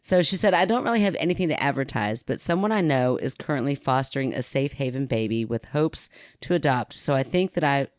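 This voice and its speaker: A woman in her thirties co-hosting a podcast, an animated storyteller who laughs often. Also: rumbling low, fairly quick, no echo, clean studio sound. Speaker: podcast co-host. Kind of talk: casual chat.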